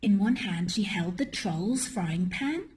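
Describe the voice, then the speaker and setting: A woman teacher reads a children's storybook aloud at a slow, steady pace. Her voice sits in a middle range and rises and falls with lots of expression. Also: mid-range voice.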